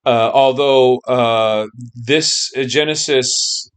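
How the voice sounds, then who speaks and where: A man's voice: medium pitch, extremely slow, fairly bright tone, clean tone. A man lecturing a class on music history, loose and conversational, checking in with the students and humming snippets of melodies.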